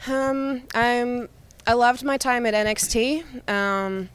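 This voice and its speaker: A woman's voice: a little high, takes it slowly, a bit bright, clean tone. Chatty Australian woman, rambling. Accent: Australian with slight American twang. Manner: rambling, many "like" fillers, giggly. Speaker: guest, professional wrestler. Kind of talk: casual storytelling.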